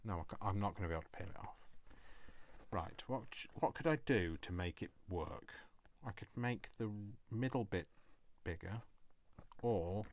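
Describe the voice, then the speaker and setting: A man's voice: deep voice, animated, normal speed, a little hiss or hum. A man hosting a casual crafting vlog, joking with himself and scolding himself by name as he works. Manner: jokey, self-mocking, chuckles. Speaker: crafting channel host.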